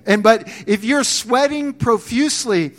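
A male pastor preaching a sermon, animated, acting out quoted voices and restarting his phrases often. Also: very high voice, a little slow.

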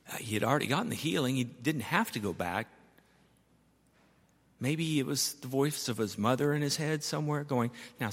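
A man's voice: on the high side, husky. An older man preaching a sermon as pastor, telling stories and repeating key words for emphasis. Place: church sanctuary. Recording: long reverb of a church.

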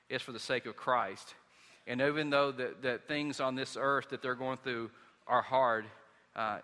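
Southern pastor, conversational storyteller, bright forceful tone, long church reverb. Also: male voice, mid-range voice. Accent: Southern American. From Southern United States. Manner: conversational storytelling with many restarts. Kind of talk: sermon.

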